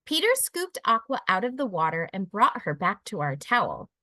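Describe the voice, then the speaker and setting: Speaking at a normal speed in a mid-range voice, a woman brings a children's picture book to life with expressive, animated storytelling. There's no room sound in the recording.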